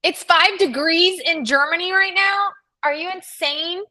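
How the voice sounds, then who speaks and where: A woman with a high, bright voice hosts a casual live stream from a studio. She chats with viewers and crew in a teasing, chatty way and laughs often. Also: unhurried. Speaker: livestream host.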